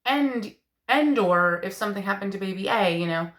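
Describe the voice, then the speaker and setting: Bright-voiced woman in her thirties, halting. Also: medium pitch, lively intonation, roomy sound. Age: 30s. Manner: candid, halting, many fillers. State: emotional. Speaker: vlogger. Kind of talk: personal video update.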